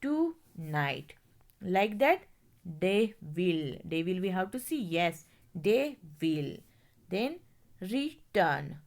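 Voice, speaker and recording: A woman's voice: lowish voice, expressive, slow, a little mellow. A woman teacher, explaining step by step, spelling words out letter by letter and often checking whether the class follows. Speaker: English teacher. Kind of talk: classroom grammar lesson.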